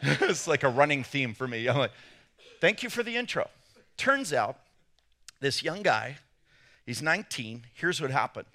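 A man preaching a sermon, telling a story in an animated way and acting out quotes with sudden loud jumps. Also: mid-range voice, unhurried. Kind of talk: sermon with personal anecdotes.

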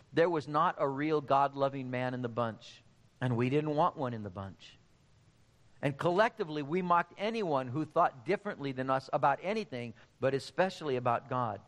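A man's voice: a little high, fairly bright tone. Emphatic male preacher in a reverberant hall. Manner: emphatic, direct address to the congregation. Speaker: pastor. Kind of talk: sermon.

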